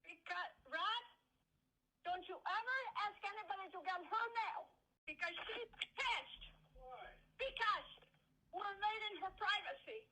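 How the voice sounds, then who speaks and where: Woman, very high sharp voice, defensive and fed up. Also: expressive, a little slow, rough recording. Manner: defensive, exasperated. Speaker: relative on a phone call. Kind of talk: heated argument.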